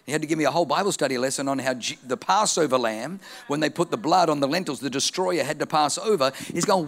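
A middle-aged male pastor preaching a sermon, telling stories with energy and building to shouted declarations. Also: on the high side, lively intonation, fairly quick, a little hiss or hum.

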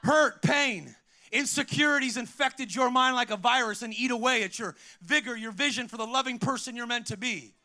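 A middle-aged pastor preaching an energetic sermon, calling out to the congregation and telling stories. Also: male voice, extremely high pitch, moderate pace. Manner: preaching with call-outs to the congregation, storytelling.

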